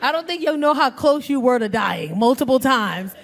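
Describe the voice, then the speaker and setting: Brash woman comedian, lively high voice. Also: moderate pace, gravelly. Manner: brash, crowd work, acts out voices. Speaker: stand-up comedian. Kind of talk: stand-up comedy. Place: comedy club stage with audience. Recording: live club with crowd laughter.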